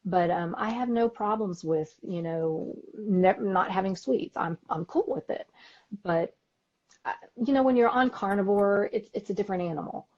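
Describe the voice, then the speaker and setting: A woman with a Texan accent, co-hosting a podcast in casual chat, talkative and quick to laugh, acting out quotes as she tells stories. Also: mid-range voice, darkish tone, dull audio. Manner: chatty, laughs often, acts out quotes. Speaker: podcast co-host. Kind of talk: casual chat on a live stream.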